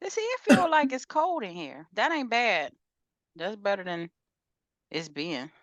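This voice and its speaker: A woman's voice: mid-range voice, big pitch swings, measured pace, dull audio. A woman co-hosting a podcast, chatting casually in a laid-back, slangy storytelling way. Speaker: podcast co-host. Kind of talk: casual chat.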